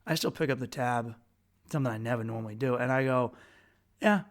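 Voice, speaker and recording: A man from the United States hosting a podcast, telling a travel story in a rambling, crude, self-mocking way with quick restarts. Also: mid-range voice. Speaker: podcast host. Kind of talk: casual storytelling monologue.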